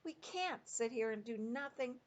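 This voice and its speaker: A woman's voice: on the high side, animated, a little fast, voice pushed up. A woman voicing a brave, indignant little girl who talks in an earnest, pleading way.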